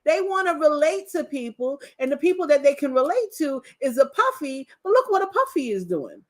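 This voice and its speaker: A woman's voice: sits high, big pitch swings, a little fast, darkish tone. A woman talking on a political talk show in a passionate, preachy way. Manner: passionate, preachy, mimics people she quotes.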